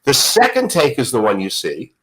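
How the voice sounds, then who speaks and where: An older broadcaster telling show-business stories, acting out the voices and stumbling through quick restarts. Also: male voice, medium pitch, low-quality recording. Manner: storyteller who acts out dialogue, lively restarts. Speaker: guest, broadcaster. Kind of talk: animated anecdote telling.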